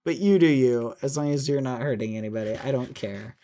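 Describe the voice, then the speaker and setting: A man's voice: medium pitch, fairly quick, dark tone. A man streaming late at night who chats casually with viewers in a snarky, playful way, apologizing over and over.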